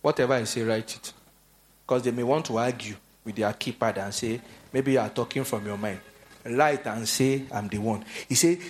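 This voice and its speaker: A man preaching a sermon, telling stories animatedly and acting out the voices of the people he quotes. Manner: animated storytelling, acts out quoted voices in a high pitch.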